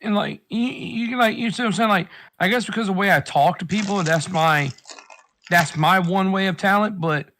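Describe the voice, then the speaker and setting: Man, slightly higher voice, casual chat, rambling and profane, advice-giving. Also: moderate pace, bright, forceful tone.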